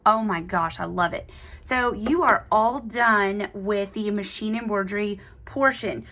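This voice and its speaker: A woman's voice: mid-range voice, a bit bright. A woman hosting an embroidery tutorial, walking viewers through each step in a bubbly, chatty, gushing way. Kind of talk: step-by-step craft demonstration.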